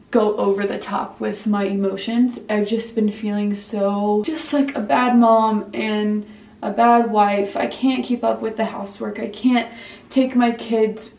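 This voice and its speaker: A woman's voice: medium pitch, vocal fry, darkish tone, recorded from a distance. A young pregnant woman telling an emotional story in a vlog while doing her makeup, with quoted dialogue. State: pregnant, weepy. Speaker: family vlogger. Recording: roomy echo, voice off-mic.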